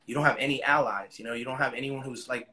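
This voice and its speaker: A man's voice: medium pitch, fairly even intonation, fast talker, bright, forceful tone. A man as an interview guest, retelling a story in casual, profane slang.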